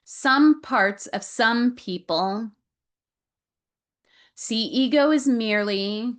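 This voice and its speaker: Slow-speaking woman relaying a reading. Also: on the high side. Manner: slow, repeats words and relays what she is shown. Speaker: Akashic Records reader. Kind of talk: channeled reading on a video call. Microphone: video call.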